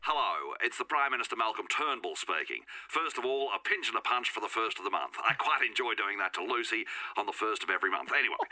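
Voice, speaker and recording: A man's voice: fairly low pitch, expressive, fast talker, bright, forceful tone, exaggerated voice. A man doing a comedic impression of a formal, older politician leaving a voicemail, in a plummy, stately manner. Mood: mock-stately.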